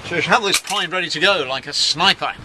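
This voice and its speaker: Speaking fast in a slightly high voice, a middle-aged yacht skipper vlogs from the deck of his sailboat at sea. He's chatty, wry and self-mocking, with wind and waves audible throughout.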